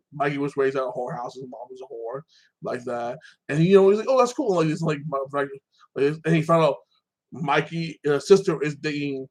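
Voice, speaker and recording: A man casually recapping TV and anime episodes in a loose, rambling way, full of filler phrases. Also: mid-range voice. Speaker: TV and anime reviewer.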